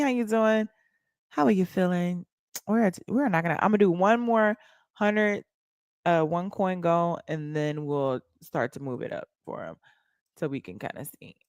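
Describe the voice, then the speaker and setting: A woman's voice: on the low side, normal speed, a little mellow, smooth, dry recording, studio quality. A woman, livestreaming and chatting bluntly and mockingly to her viewers. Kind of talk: casual livestream chat.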